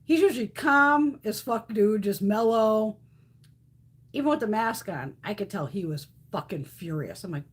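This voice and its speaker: A woman's voice: mid-range voice, moderate pace, breathy edge. A woman in her fifties chatting casually on a live stream, blunt and profane, telling stories with lots of animation. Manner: blunt, swears freely, animated storytelling.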